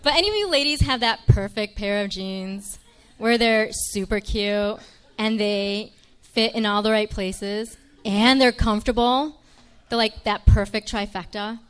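A woman missionary with an unhurried, clean-toned voice tells her own story to a live audience, speaking conversationally and addressing listeners directly. She's dramatic, acting out quoted lines in a much higher voice.

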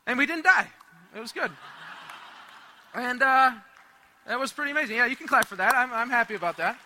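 A young man tells a funny story to a church audience, animated and quick to act out other people's voices. His voice sits high and comes across very bright and forceful, always lively. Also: big-room sound, a little hiss or hum. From United States. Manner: animated and humorous, acts out quoted voices. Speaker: speaker at a Catholic renewal rally. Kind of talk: storytelling talk to a live audience.

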